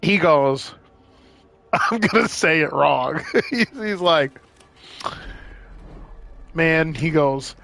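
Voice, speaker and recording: A man's voice: fairly high pitch, animated, slow pace, gravelly, fairly bright tone. A man streaming a game, telling rambling, profane stories with frequent laughs. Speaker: gaming streamer. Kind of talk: casual storytelling while gaming.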